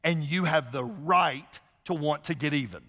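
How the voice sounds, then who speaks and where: Animated man preaching in a reverberant hall. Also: fairly high pitch, measured pace. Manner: animated, conversational, acts out quoted voices. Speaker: pastor. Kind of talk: sermon.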